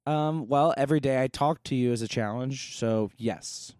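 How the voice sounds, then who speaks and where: A man's voice: medium pitch, normal speed, noisy background. Exasperated, swearing man on a podcast. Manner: exasperated, profane, often laughing. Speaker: podcast co-host. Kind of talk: casual podcast chat.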